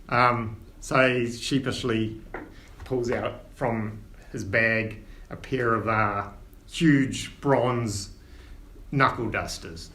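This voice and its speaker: A man running a tabletop game in an unhurried way, with many ums. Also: medium pitch, fairly even intonation, bright, forceful tone, reverberant. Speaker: game master.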